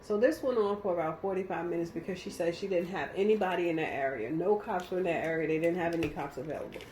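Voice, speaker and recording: A woman's voice: fairly low pitch, fast, a little mellow, a little hiss or hum. A woman recounting a personal story in casual conversation, vivid and emotional, acting out the quotes. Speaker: guest telling her story. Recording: roomy echo.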